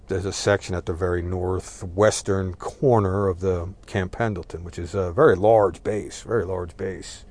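This is a long, loose story from a middle-aged New Jerseyan with a low, slightly mellow voice. He wanders from point to point, swears without restraint and fills it with frequent "uh"s and "right?"s.

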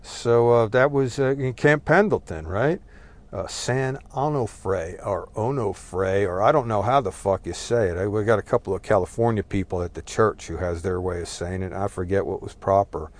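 A man's voice: fairly low pitch, fairly quick. A middle-aged man from New Jersey telling a long, casual, rambling story, swearing freely and checking in with "right?" as he goes. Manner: rambling, profane, with frequent "right?" and "uh". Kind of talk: casual spoken monologue.

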